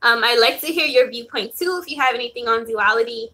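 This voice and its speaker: A young woman talking casually to camera about spirituality, loose and chatty, with lots of "um"s and soft laughs. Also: on the high side, quick pace. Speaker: spiritual reader vlogger. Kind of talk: casual talking-head vlog.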